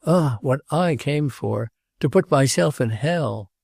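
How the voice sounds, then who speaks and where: Tormented jealous prince in a storybook, high-strung and pleading, dark gravelly tone, as a male reader does him. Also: slow pace, no echo, studio quality, heavily acted. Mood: agitated. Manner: excited, pleading, repeats himself. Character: jealous agitated nobleman, tormented.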